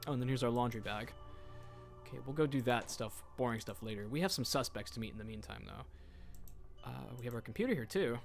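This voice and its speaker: A man's voice: mid-range voice, a little fast, creaky, soft background music. Chatty man streaming a mystery game. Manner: chatty, joking, reads in-game notes aloud. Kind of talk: casual gameplay commentary.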